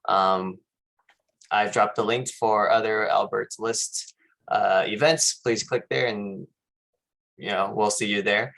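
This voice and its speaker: A man hosting a webinar over a video call, talking casually and haltingly with many fillers. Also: lowish voice, fairly even intonation, vocal fry, fairly bright tone. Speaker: webinar host.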